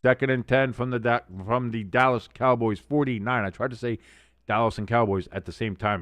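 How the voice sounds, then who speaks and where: Man, streamer host: rowdy, cursing play-by-play with sudden shouts and low asides, dry close-mic sound. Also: a little fast, dry recording. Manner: excitable, profane, swings from yelling to muttering asides. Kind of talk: live game watch-along commentary.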